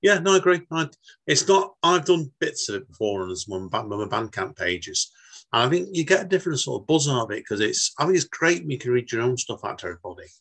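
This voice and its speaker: A man's voice: medium pitch, sing-song, fast, creaky, a bit bright. A man hosting a casual poetry podcast interview, chatty and informal. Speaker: podcast host.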